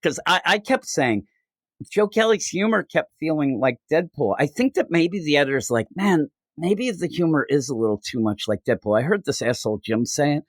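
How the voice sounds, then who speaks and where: A man co-hosting a casual comics podcast, reading panel lines aloud in put-on voices and tripping over his words when he gets excited. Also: a little high, moderate pace, no echo, clean studio sound. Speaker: podcast co-host. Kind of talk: casual chat about comics.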